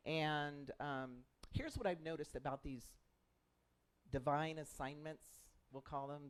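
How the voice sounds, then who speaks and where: Brief: male minister, fairly high voice, animated storyteller who acts out dialogue in a sermon. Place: spiritual center sanctuary.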